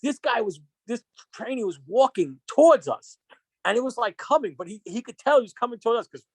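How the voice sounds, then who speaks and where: A man's voice: very high voice, animated, a little fast, husky, no echo. A man filling in as co-host, telling rambling, profane stories in casual chat. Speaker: guest co-host.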